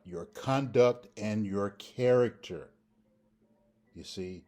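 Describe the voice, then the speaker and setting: Deep-voiced guy slowly walking through a grammar lesson, asks questions and answers them himself, warm tone. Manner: repeats pronunciations several times, asks rhetorical questions. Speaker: Hebrew language teacher. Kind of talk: slow, deliberate grammar lesson.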